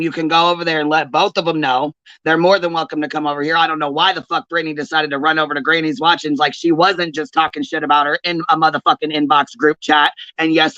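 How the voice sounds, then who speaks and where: Woman host mid-rant on her livestream: forceful, cursing, dry and lo-fi sound. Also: deep voice, no room sound. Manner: heated, profane, confrontational calling-out. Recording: dull, lo-fi stream audio.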